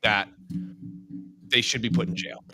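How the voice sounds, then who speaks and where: Man, low pitch, forceful bright tone, blunt joking podcast co-host, dry sound. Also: measured pace, dry recording, soft background music. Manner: joking, asks questions, blunt. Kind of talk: casual chat.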